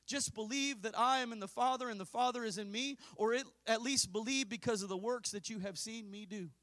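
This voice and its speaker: A man preaching a fiery Pentecostal sermon as pastor, swinging from hushed asides to drawn-out shouts. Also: very high voice.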